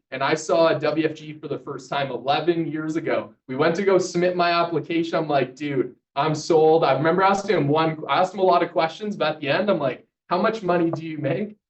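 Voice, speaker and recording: A man in his twenties from Canada giving an energetic motivational speech to a live audience, telling his story and polling the crowd. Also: fairly high pitch. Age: 20s. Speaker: motivational speaker. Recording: distant, dull sound.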